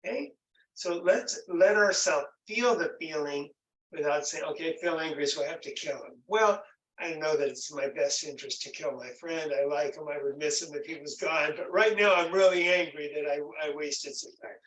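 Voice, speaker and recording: Male workshop presenter, slightly high voice, gentle and encouraging, echoey room, set back from the mic. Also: normal speed, distant mic. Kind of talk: online workshop teaching.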